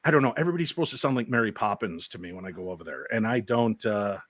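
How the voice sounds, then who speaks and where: An American man chatting over a video call, an animated storyteller who jokes and slips into voices. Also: on the low side, very fast. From United States. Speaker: paranormal podcast host and guest. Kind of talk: casual video chat.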